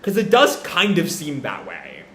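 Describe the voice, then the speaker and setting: A man's voice: on the high side, huge pitch swings, measured pace, creaky, sharp tone, slight background noise. A man hosting a live manga reaction, thinking aloud with hedges and restarts. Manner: rambling, hedging, self-correcting. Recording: echoey room.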